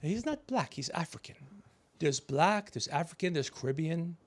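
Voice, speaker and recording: A man's voice: on the high side, animated, normal speed. A middle-aged man hosting a comedy podcast, telling rambling, profane stories in casual chat. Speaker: podcast host.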